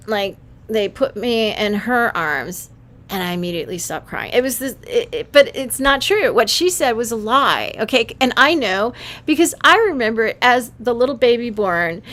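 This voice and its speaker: A woman hosting a livestream, talking in a casual, animated way and often restarting her sentences. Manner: animated, breaks into high squeals when quoting herself, frequent laughs and restarts. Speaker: livestream host. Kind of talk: casual monologue.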